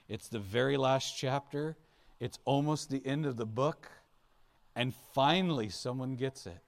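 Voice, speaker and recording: A male pastor preaching an Easter sermon, earnest, his voice rising and falling for emphasis as he acts out quotes. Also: mid-range voice.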